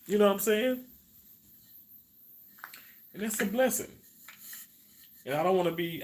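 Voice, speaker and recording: A man's voice: a little high, fairly bright tone. A man, hosting a live stream in casual, rambling chat, repeating his words and reading viewer comments.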